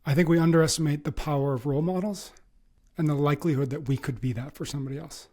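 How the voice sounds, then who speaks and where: A man's voice: a little high, fast talker, warm tone. A podcast host speaking earnestly and from the heart as he reflects on what he just heard. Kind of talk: reflective conversation.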